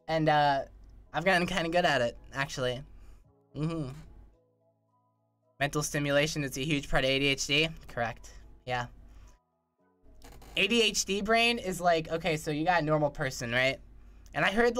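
A man's voice: on the high side, sharp tone. A young man chatting on a livestream, rambling, slangy and swearing a lot. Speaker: streamer. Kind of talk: casual livestream chat.

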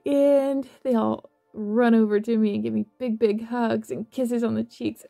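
A woman narrating a guided visualization in a soft, slow, affectionate way, with gentle laughs. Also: a little high, fairly even intonation, creaky, faint music behind. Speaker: meditation guide.

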